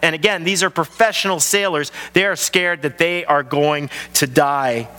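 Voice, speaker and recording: Bright-voiced pastor in a reverberant hall. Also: male voice, a little high, moderate pace. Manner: animated storytelling, acts out voices. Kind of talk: sermon. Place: large church hall.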